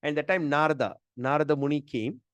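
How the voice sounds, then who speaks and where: A man's voice: on the high side, brisk, a bit bright, clean tone, dry recording. A middle-aged man, teaching a scripture class in a chatty, emphatic way. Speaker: Gita teacher.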